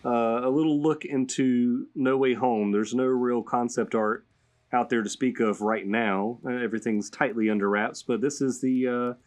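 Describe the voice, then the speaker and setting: A man hosting a podcast in relaxed, conversational chat. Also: mid-range voice, normal speed. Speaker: podcast host. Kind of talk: casual chat.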